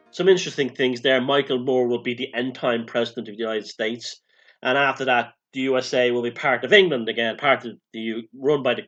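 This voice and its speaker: A man hosting a comic sketch, making dry, deadpan asides to the voice he channels. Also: mid-range voice, dull audio. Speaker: host.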